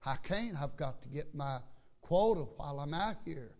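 A man's voice: fairly high pitch, animated, normal speed, a little mellow, lo-fi sound. Preacher doing an old fisherman grandpa. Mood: firm. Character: old tuna fisherman grandpa, stubborn then kind.

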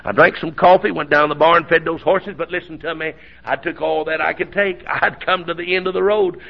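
A man's voice: on the high side, steady tone, a little fast, creaky. A middle-aged man with a sore throat, preaching a folksy storytelling sermon that swells into hollering. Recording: dull lo-fi recording.

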